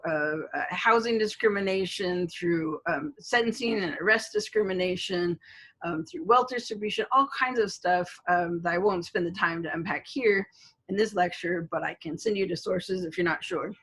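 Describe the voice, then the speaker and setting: A woman's voice: lowish voice, a bit bright, breathy edge, rough recording. A middle-aged woman, a college instructor, giving a recorded online lecture in a conversational way, with many fillers and storytelling asides.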